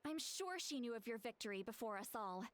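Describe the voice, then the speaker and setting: An earnest young dream-seer. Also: female voice, fairly high pitch, very animated, brisk, a bit bright, dry recording. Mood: explaining. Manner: earnest, urgent, explaining. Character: serious young woman seer who trusts her dreams. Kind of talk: video game voice acting.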